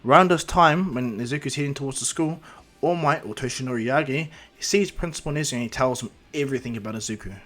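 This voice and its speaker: A man's voice: medium pitch, fast. Casting note: casual, rambling male storyteller over faint music. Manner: casual, rambling, many fillers. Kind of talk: improvised fan-fiction narration.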